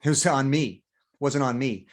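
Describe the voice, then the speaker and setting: An older man talks with animated candor as an interview guest, slipping into little acted-out inner voices. He swears freely and keeps an even middle pitch. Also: normal speed. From United States. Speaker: guest actor. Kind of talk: candid interview talk.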